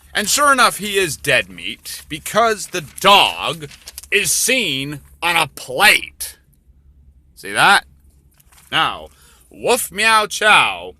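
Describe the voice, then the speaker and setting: Bright-voiced man reading slowly. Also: fairly high pitch, dry recording. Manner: profane, offhand asides. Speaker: author reading his own story. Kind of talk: story reading with rambling commentary.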